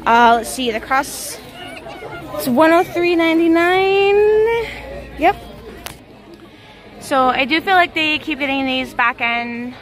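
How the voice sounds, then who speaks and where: Chatty and high-pitched, a young woman vlogs her shopping trip and reads out prices rapidly. The rough recording, from a handheld camera in a large store, picks up loud store music and some chatter behind her.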